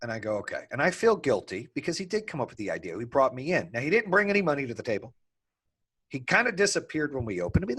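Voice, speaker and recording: A man with a husky, medium-pitched voice shares the story of growing his business. He's animated and candid, cursing casually while acting out each side of long-ago arguments.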